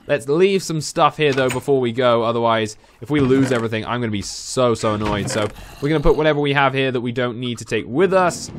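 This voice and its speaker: A young man giving casual, excitable let's-play commentary while playing, talking back to the game's creatures. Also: mid-range voice, noisy background. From England. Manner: excitable, jumpy, talks to game creatures. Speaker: gaming YouTuber.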